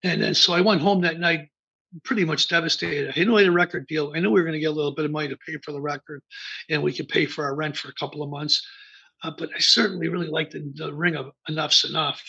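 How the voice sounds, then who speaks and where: A gravelly, husky older man from the American Midwest tells rambling band stories as a guest, stopping and restarting his sentences. His voice sits somewhat high and sounds bright and edgy. The audio is dull and lo-fi. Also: steady tone, fast talker. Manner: rambling anecdotes full of fillers and restarts. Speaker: band founder and bassist, interview guest. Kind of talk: casual interview storytelling. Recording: dull lo-fi remote interview audio.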